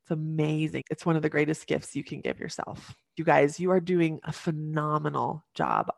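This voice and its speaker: A woman's voice: low voice, animated, normal speed, vocal fry, no echo. A young woman speaking earnestly as a podcast guest, coaching listeners through practical tips and acting out the phrases they might say. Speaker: podcast guest giving advice. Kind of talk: warm encouraging advice talk.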